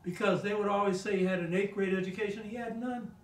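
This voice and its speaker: Older man, high voice, echoey distant room. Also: steady tone, fast. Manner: emphatic, keeps asking "you know what I mean?". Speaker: guest speaker on a talk show. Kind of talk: casual storytelling conversation.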